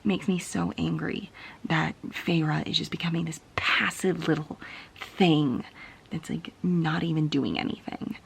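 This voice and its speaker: A woman's voice: low voice, steady tone, a little slow, gravelly, husky. A young woman vlogging about a book she is reading, tired and venting in a frustrated, often whispered late-night rant. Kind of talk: casual reading vlog.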